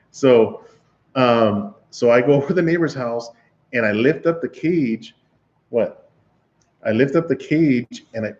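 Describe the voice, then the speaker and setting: In a mid-range, darkish voice with the highs cut off, a man hosting a livestream recounts a lengthy story to his chat. He's casual and laughing, rambling and restarting often.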